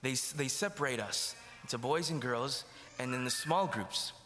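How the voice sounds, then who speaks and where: A man's voice: mid-range voice, moderate pace, pushed and bright. A man giving a sermon testimony in a church, telling his story and acting out the dialogue. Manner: storytelling, acts out quoted dialogue. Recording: long hall reverb.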